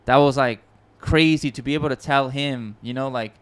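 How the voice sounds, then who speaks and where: Male podcast host, smooth clear voice, mid pitch; excitable casual storyteller, lots of restarts. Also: moderate pace. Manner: excitable, rambling, swears often, many restarts. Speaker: podcast host and music producer.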